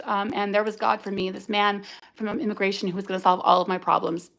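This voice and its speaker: A woman's voice: mid-range voice, little pitch movement, fast talker, vocal fry, fairly bright tone. Candid woman telling her own story. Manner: candid, rambling, emotional. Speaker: livestream host. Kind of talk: confessional storytelling livestream.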